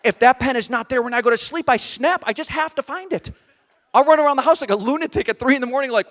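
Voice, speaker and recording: A middle-aged man performing live stand-up comedy on a theater stage, animated and exasperated, with audience laughter behind him. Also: very high-pitched, quick pace. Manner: animated, acts out exasperated voices.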